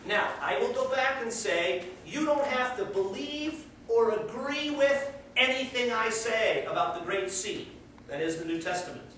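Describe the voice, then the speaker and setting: A man's voice: sits high, unhurried, a little hiss or hum. Male teacher lecturing in an echoey classroom. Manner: conversational, encouraging, animated storyteller. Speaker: college religion teacher. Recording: echoey classroom, heard from far off.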